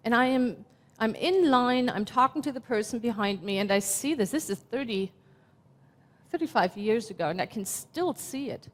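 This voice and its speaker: A woman in her fifties from Germany, speaking with a German accent as she gives a slow, reflective, heartfelt sermon as minister. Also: fairly high pitch, animated. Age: 50s. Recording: long hall reverb.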